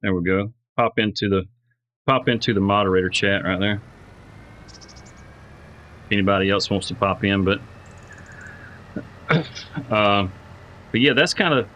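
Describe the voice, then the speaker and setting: A man hosts a live game stream, rambling casually and greeting viewers by name. His voice is bright and forward. Faint game noise sits quietly behind him. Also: on the low side, measured pace, pauses often, highs cut off. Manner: rambling, repeats words while thinking aloud. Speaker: livestreamer playing a farming game.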